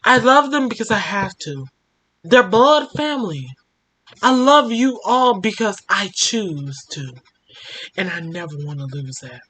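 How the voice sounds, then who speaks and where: A woman voicing a gentle young woman, speaking low and quiet while reading a story aloud. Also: very animated, a little slow, rough recording. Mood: tender.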